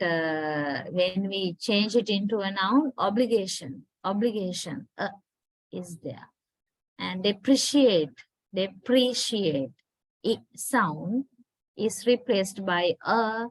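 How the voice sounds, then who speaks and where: Slow, patient Sri Lankan woman lecturer. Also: mid-range voice, no room sound, rough recording. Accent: Sri Lankan English. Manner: slow, patient, checks in with "right?". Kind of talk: university lecture on pronunciation.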